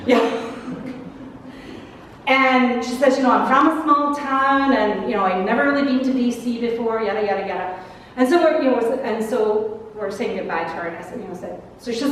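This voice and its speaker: High-voiced woman minister, echoey church. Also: expressive, fairly quick. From Canada. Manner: chatty, storytelling with asides and laughs. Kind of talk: sermon reflection told as a story. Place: large church sanctuary. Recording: echoey church hall from far off, faint noise.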